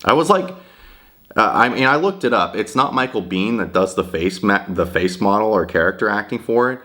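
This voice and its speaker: A man with a very low voice talks through a video game review in a casual, rambling way. He hesitates often, trips over restarts and swears freely. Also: fairly quick, a bit bright. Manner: rambling, profane, hesitant with many fillers.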